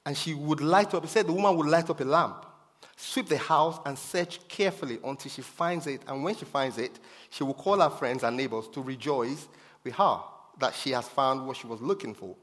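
A man's voice: medium pitch, moderate pace, a bit bright. Emphatic male preacher in a reverberant hall. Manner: emphatic, repeats key phrases. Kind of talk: sermon.

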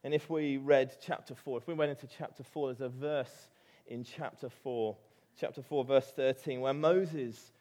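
A man's voice: medium pitch, fairly even intonation, moderate pace, hardly any pauses, mellow. A man with an English accent preaching a sermon, telling a story with animation and rising to emphatic peaks.

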